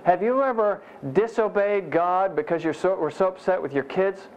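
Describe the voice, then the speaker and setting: A man's voice: high-pitched, normal speed. A man preaching a conversational Bible teaching sermon, folksy and self-deprecating, with frequent "you know" asides. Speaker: pastor. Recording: muffled lo-fi sermon recording.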